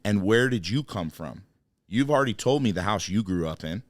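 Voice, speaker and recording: Earnest podcast host guy, lowish voice, dry mic, keeps saying dude. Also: lively intonation, normal speed, no room sound. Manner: earnest and impassioned, calls the listener "dude". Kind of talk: casual chat.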